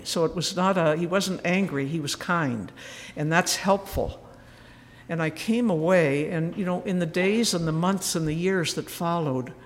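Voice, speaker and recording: A woman's voice: fairly low pitch, slight background noise. A woman speaks at a spiritual retreat in a storytelling manner, voicing each person she quotes and letting some lines fall to a near whisper. The sound carries a long reverberant tail, as in a hall. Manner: storytelling, acting out quoted voices, dropping to a whisper.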